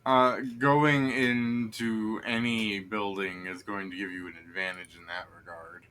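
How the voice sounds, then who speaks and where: A man's voice: lowish voice, little pitch movement, measured pace, pushed and bright, a little hiss or hum. A man running a tabletop game as game master, rambling with many fillers and restarts.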